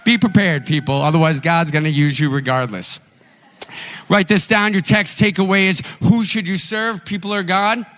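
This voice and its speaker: A man preaching a sermon as pastor, telling a story in an animated, conversational way with acted quotes. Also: high voice, moderate pace, long reverb tail.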